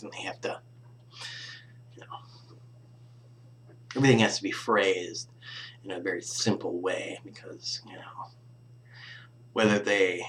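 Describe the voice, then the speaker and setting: A man's voice: lowish voice, fairly bright tone, a little hiss or hum. A young man rambling casually to camera in a vlog, often trailing off into near-whispers and sighing. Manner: mumbling, trailing off into near-whispers, sighs and laughs. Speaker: vlogger.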